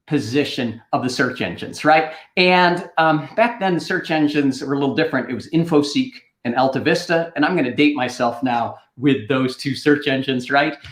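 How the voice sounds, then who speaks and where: A middle-aged man spins a casual anecdote on a livestream and keeps tossing in "right?" as he goes. His voice sits a little high. The room around him rings noticeably. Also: roomy sound. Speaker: host.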